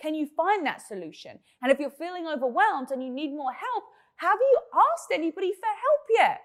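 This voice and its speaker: Female motivational speaker, high pitch, upbeat, emphatic delivery. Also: very animated, normal speed. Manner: upbeat, emphatic, filler-heavy pep talk. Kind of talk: motivational monologue.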